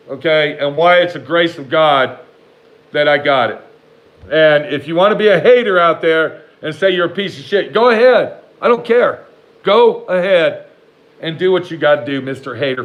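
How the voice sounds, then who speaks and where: A man with a fairly high voice tells a long personal story straight to his viewers. He curses freely, drifts off track and snaps back at imagined haters. His pace swings between slow, heavy emphasis and fast, tumbling asides. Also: a bit bright, highs cut off. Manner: profane, rambling, talks back to imagined haters. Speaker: vlogger telling a personal story. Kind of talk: casual storytelling to camera.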